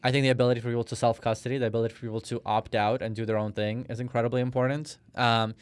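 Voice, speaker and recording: A man's voice: medium pitch, little pitch movement, racing, smooth, dry recording. A man in his thirties from Russia, a podcast guest telling a personal story in a casual, hesitant way with frequent fillers and restarts. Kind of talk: conversational interview.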